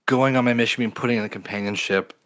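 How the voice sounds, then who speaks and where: A man's voice: medium pitch, fairly even intonation, fast talker, a bit bright. A man co-hosting a podcast, talking in a reflective, earnest way with many fillers. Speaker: podcast co-host. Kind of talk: casual conversational podcast.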